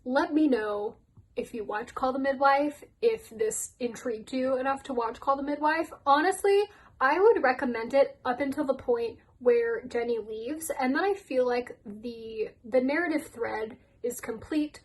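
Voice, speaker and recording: A woman's voice: high-pitched, unhurried, rough recording. A woman giving a casual rant vlog, blunt and sweary, often laughing. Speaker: YouTuber.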